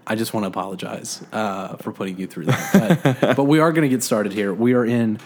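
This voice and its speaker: In a living room, a male co-host chats on a casual, joking podcast recorded at home. His lowish voice is brisk, and he's self-deprecating, rambling, and heavy on fillers.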